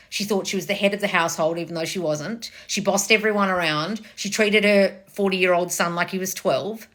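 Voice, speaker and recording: A woman's voice: medium pitch, normal speed, sharp tone. A woman giving a blunt, casual motivational talk, swearing freely as she coaches viewers. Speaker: manifestation coach.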